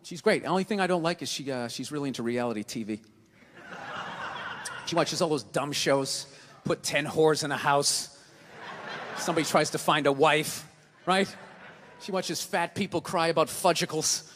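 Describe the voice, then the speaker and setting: A man's voice: a little high, moderate pace, long pauses, noisy background. A man with a Boston accent performing a stand-up comedy set, ranting and swearing as he acts out voices. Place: theater stage before a live audience. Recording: live theater with long reverb, faint ambience.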